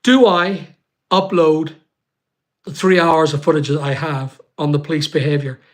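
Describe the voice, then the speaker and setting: A man telling his own story on a livestream, emphatic and repetitive, pausing often with fillers. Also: a little high, fairly even intonation. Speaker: YouTuber on a livestream. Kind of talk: emotional personal account.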